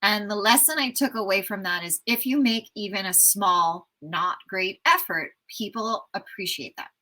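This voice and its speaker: An enthusiastic woman from the United States in her fifties, chatting as an interview guest with a bright, forward tone. She tells travel stories in a lively, eager way. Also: medium pitch, moderate pace, low-quality recording. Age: 50s. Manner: enthusiastic, animated storyteller. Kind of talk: casual storytelling interview.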